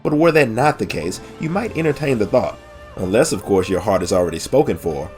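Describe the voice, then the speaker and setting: A man with a nasal voice voicing a cool, dry-witted young woman mage who speaks in a stony, old-fashioned way, raising his pitch somewhat. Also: lively intonation, fairly quick, a little mellow, soft background music, lightly acted. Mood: dry teasing. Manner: stony, archaic, dryly sarcastic.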